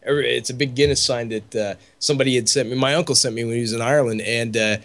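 A man's voice: mid-range voice, fairly even intonation, rapid-fire, fairly bright tone. An American man co-hosting a podcast, chatting casually and teasing the others with frequent laughter. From United States. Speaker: podcast co-host. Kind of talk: casual joking chat.

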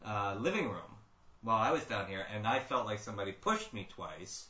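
A man co-hosting a live paranormal radio show from a dining room, teasing the host and talking in halting bits with fillers. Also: on the low side, lively intonation, sharp tone. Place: dining room of a bed and breakfast. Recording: roomy, lo-fi live broadcast.

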